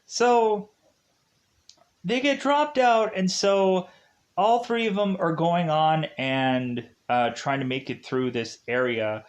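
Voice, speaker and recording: A man's voice: on the high side, steady tone, takes it slowly, highs cut off. A man casually recapping a film's plot in a rambling way, full of fillers and unsure of the names. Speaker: movie reviewer.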